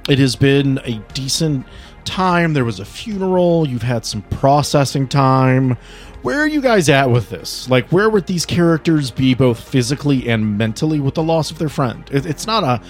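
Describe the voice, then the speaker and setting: A man's voice: mid-range voice, animated, moderate pace. Male game master, playful, upbeat, music in background. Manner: playful and encouraging, laughs easily. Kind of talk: running a tabletop game.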